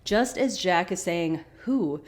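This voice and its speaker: A woman hosting a podcast, casually recapping a TV episode with animated, chatty asides. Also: medium pitch, normal speed. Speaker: podcast host.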